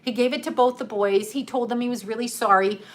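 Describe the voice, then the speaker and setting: A woman's voice: on the high side, fairly quick. A middle-aged woman telling a personal story in a casual, profane way, laughing often as she retells it.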